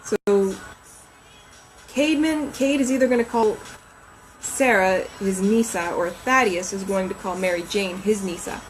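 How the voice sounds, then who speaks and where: A woman's voice: mid-range voice, measured pace, soft background music, rough recording. A woman novelist chatting on a casual livestream from home, rambling and reading names aloud as she thinks.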